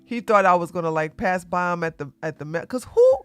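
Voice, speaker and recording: A woman hosting her own channel, telling a casual story to her audience in an animated way and laughing often as she talks to the ladies. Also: on the low side, fairly quick, clear, resonant tone, no room sound, soft background music. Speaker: commentary channel host.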